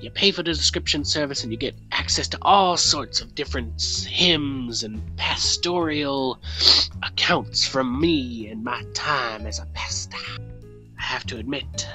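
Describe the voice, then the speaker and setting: A man playing a preachy fire-and-brimstone church pastor who pitches a subscription service, with music playing behind. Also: a little slow, pushed and bright, poor audio.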